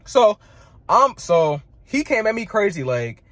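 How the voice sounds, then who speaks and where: A man's voice: sits high, big pitch swings, a little slow, fairly bright tone, no echo. A young man telling a heated, profane story about a clash at work, full of "like" and "bro". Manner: fills speech with "like" and "bro". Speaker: vlogger. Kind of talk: casual storytelling rant.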